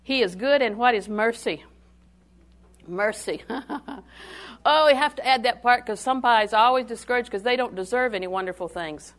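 Older woman preacher with sermon cadence, swinging between loud declarations and near-whispers, call-and-response. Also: on the high side, normal speed.

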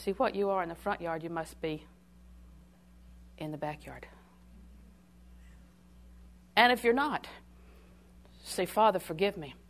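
Older woman preacher with sermon cadence, swinging between loud declarations and near-whispers, call-and-response. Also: lowish voice, unhurried, long pauses.

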